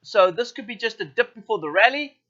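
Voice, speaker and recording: A man with a high, bright voice talks through currency charts on a live stream, stopping often to correct himself and fill pauses. The audio is dull and lo-fi, like a streamed broadcast. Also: expressive. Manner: thinks aloud with many fillers and self-corrections. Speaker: forex trading show host. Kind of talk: live market walkthrough.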